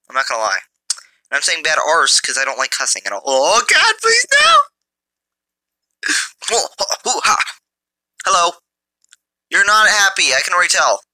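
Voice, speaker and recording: A man giving mobile gameplay commentary through a phone's built-in mic, excitable and jokey, taunting his enemies. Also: mid-range voice, dry recording. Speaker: gamer.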